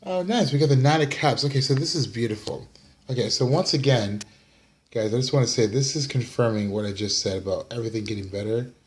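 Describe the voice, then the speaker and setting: A man's voice: mid-range voice, a little fast. Tired man rambling through a tarot reading. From United States. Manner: rambling, apologetic, yawning, fillers. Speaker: tarot reader. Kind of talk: casual tarot reading vlog. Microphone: camera mic.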